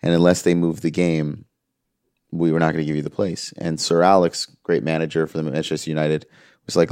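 A man's voice: a bass voice, fairly quick, smooth, no room sound, studio quality. A man, an interview guest telling an earnest story and quoting the people he talks about. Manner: earnest, quotes others in lively voices. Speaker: music manager, interview guest.

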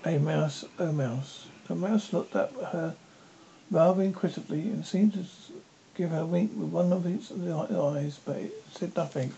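Halting amateur storybook reader; dark, gravelly tone, muffled lo-fi recording. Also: mid-range voice. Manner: halting, many slips and restarts. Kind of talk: storybook read-aloud. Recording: dull lo-fi with faint noise.

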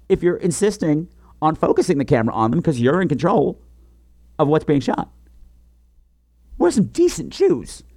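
Brief: high, wildly swooping male podcast host, sassy and profane movie reviewer, dry close sound. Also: darkish tone, no echo. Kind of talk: casual comic movie review rant.

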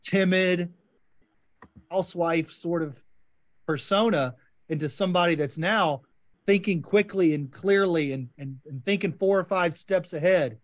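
A man's voice: high voice, a little slow. A man hosting a podcast, enthusiastically discussing a short story and guiding the talk with questions. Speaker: podcast host. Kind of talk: casual literary discussion.

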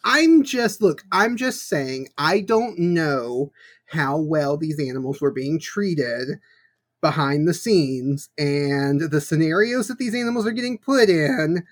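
A man's voice: fairly high pitch, animated, slow pace. A man co-hosting a podcast in casual chat, wry and thoughtful, laughing easily. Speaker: podcast co-host. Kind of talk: casual chat reviewing a tokusatsu show.

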